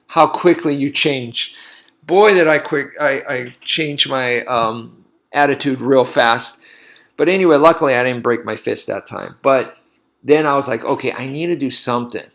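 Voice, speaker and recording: A man who teaches martial arts, talking casually in a loose, rambling way and acting out his own past reactions. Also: a little high. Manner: rambling, animated storytelling with laughs. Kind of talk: casual monologue.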